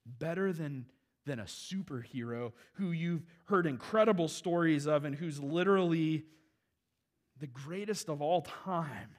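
A man preaching a sermon in a conversational, animated way, with casual asides to the congregation. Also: on the high side, a little slow. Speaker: pastor.

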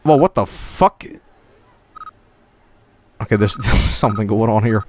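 A man streaming a video game with casual commentary, profane and excitable, often cracking up laughing. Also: fairly low pitch, unhurried, slight background noise.

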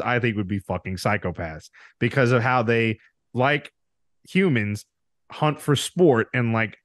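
A man's voice: mid-range voice, no room sound, studio quality. A man co-hosting a podcast, ranting in casual chat with lots of swearing. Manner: animated ranting, heavy swearing. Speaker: podcast co-host.

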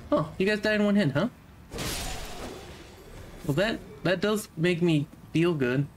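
Playfully talking to the on-screen enemies, this let's play streamer, a young man, comments casually as he plays. He speaks in a high, unhurried voice, and the recording carries a little hiss or hum.

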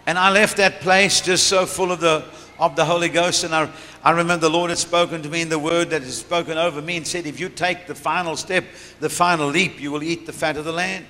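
Middle-aged man, preacher, high bright voice, laughing storyteller, church hall reverb, faint room noise. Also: steady tone, fairly quick. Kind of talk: sermon testimony.

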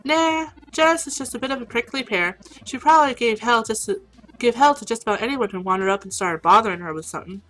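A woman's voice: a little high, fast, fairly bright tone, faint music behind, close to an everyday voice, rough recording. Woman reading as an easygoing hacker who calls you hun. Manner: friendly drawl attempt, read aloud. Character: breezy Southern-tinged hacker, calls people hun.

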